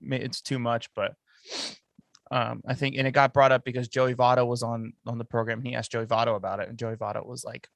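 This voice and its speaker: A man co-hosts a casual sports podcast and gives his opinions bluntly. His voice is at a middle pitch and comes through dry and close to the mic, with no room sound. He talks in a casual, confident way. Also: little pitch movement, fairly quick, vocal fry, no room sound. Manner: opinionated and blunt, says "bro". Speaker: podcast co-host.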